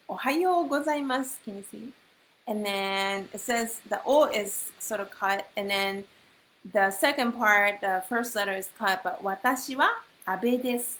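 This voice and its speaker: A woman teaching a Japanese lesson, going through each phrase patiently and saying it again and again. Her voice is bright and clear, and she speaks slowly. A faint hiss sits under the recording. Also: medium pitch, rough recording. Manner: explains phrases slowly, repeats them, mixes Japanese into English. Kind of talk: online language class.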